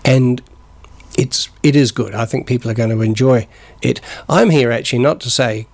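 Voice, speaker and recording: Older male guest, gravelly voice, New Zealand accent with northern English traces, chatty and rambling. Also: medium pitch, moderate pace. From north of England. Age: 60s. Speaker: studio guest. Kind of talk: casual chat. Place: community TV studio.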